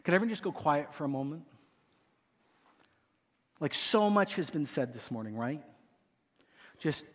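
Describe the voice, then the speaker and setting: A man preaching a sermon and leading a hushed, pleading prayer from a church stage. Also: a little high, expressive, a little slow, long pauses. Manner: earnest, hushed and pleading, voicing Jesus softly. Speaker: pastor. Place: large church auditorium. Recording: long hall reverb.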